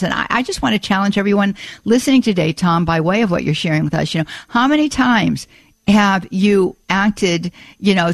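A woman's voice: fairly low pitch, vocal fry, dry recording. A woman hosting a Catholic call-in radio show, effusive and full of praise, with frequent restarts and repeated words.

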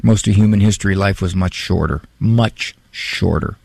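Gravelly guy hosting call-in radio, dry studio mic, kinda rambly. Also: low-pitched, fast talker, a little mellow, dry recording. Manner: rambling, repeats words, chuckles at own story. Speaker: radio call-in show host. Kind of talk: conversational call-in talk.

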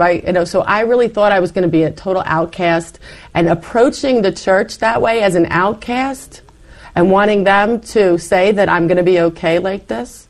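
A middle-aged woman telling her personal faith story in conversation, animated and acting out her past self. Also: medium pitch, normal speed. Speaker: interview guest.

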